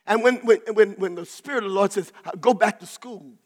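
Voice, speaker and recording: A man preaching a sermon, shouting and repeating phrases in rhythm, then dropping to soft asides. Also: high-pitched, brisk. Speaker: pastor. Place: church sanctuary. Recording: long reverb of a large church.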